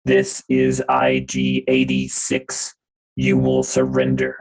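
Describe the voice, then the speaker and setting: A man's voice: a bass voice, completely flat delivery, pitched below the performer's own voice, full character voice. A man voicing a menacing battle droid that issues surrender demands in a robotic manner. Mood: threatening. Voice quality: robotic, slow and emphatic.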